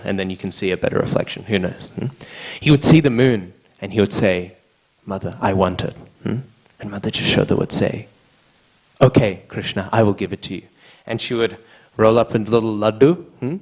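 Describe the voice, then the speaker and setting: Aussie guy giving a scripture class, fairly low voice, keeps going "hmm?" after each bit. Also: low-quality recording. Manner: tags nearly every phrase with a questioning "hmm?".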